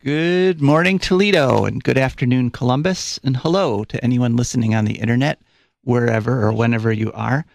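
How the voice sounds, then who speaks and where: With vocal fry in his mid-range voice and a slightly fast delivery, a man hosts a live call-in show in a radio studio, recorded on a studio microphone without echo. He rambles chattily, leaning on fillers, and sounds a bit out of breath.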